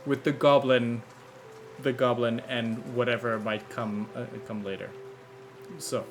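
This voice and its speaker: A man's voice: medium pitch, little pitch movement, unhurried, slight background noise. A man with an ordinary mid-range voice narrates a fantasy tabletop session as its game master. He talks in an easygoing way and lingers over his descriptions.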